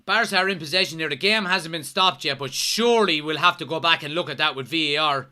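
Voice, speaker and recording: Irish guy from kilkenny doing a live footy watchalong, excitable, keeps yelling at the ref, voice is sharp and bright. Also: on the high side, fast talker. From Ireland, Kilkenny. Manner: excitable, yells at the referee, swears; reads out chat messages. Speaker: watchalong host. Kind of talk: live match watchalong commentary.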